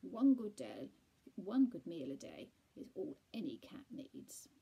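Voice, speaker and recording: A woman voicing a clever, posh male Persian cat, brisk and firm, in a storybook reading. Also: on the low side, sing-song, dark tone, husky, full character voice. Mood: firm advising.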